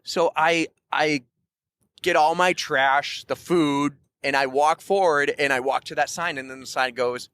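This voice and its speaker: Loud, animated storytelling man. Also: fairly high pitch, a little slow, clear, resonant tone. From New Hampshire. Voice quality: loud, carrying voice. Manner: animated, acts out quoted voices. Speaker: podcast co-host. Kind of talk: casual storytelling chat.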